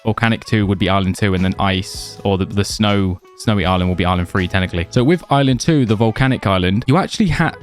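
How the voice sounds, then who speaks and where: A young man talks through a game guide in a relaxed, rambling way, leaning on fillers like "like" and "you know." His voice sits on the lower side and sounds slightly worn, as if he is losing it. Soft game music plays faintly underneath. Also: fast, hardly any pauses. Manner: chatty, loose, many fillers like "like" and "you know". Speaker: gaming video creator. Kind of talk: casual gameplay guide commentary.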